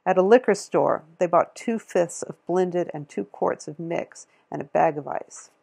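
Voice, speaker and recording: A woman reading a novel aloud in a steady, measured way, with a gravelly, husky voice. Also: lowish voice. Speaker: audiobook reader.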